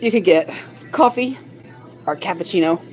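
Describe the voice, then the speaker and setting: Woman, mid pitch, sleepy, silly, laughing, reads chat aloud, shop at night, phone mic, faint music. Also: animated, normal speed, a little mellow, rough recording. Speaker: livestream co-host. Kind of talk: casual livestream chat.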